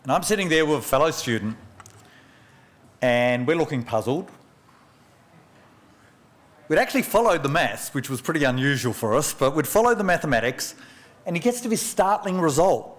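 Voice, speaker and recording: A man, an economist, delivering a formal memorial oration in a measured lecturing way, with rhetorical questions and personal anecdotes, at a podium microphone. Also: a little high, lively intonation. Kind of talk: formal public speech. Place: large function room at a press club.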